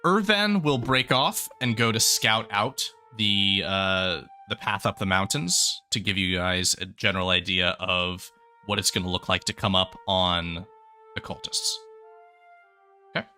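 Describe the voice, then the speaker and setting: A man narrating as game master of a tabletop fantasy game, relaxed with frequent pauses. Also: low-pitched, faint music behind. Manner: relaxed, lots of filler pauses.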